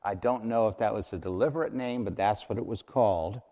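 A man preaching a sermon as pastor, emphatic and building to loud declarations. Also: on the low side, fairly quick, in a large hall.

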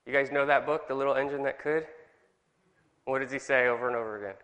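A man's voice: medium pitch, steady tone, quick pace, a bit bright, big-room sound. A man with a Californian accent leading a church Bible study group, chatty and firing questions at the group.

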